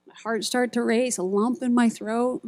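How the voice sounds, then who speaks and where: A woman's voice: fairly high pitch, fairly even intonation, moderate pace, darkish tone. A middle-aged woman giving a sermon at a retreat, telling stories and acting out quoted voices and buzzer sounds. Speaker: speaker at a ministry retreat.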